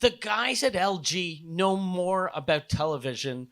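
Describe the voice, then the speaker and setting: A man's voice: high-pitched, lively intonation, unhurried, creaky, a bit bright. A man co-hosting a comedy podcast, chatting casually and swearing freely. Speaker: podcast co-host.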